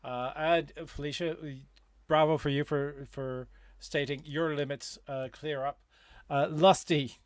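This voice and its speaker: A man's voice: a little high, fairly even intonation, a little slow, no room sound, clean studio sound. Hesitant man hosting a livestream. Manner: hesitant, lots of "uh" while reading comments. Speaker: livestream host. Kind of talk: hosting a live advice show.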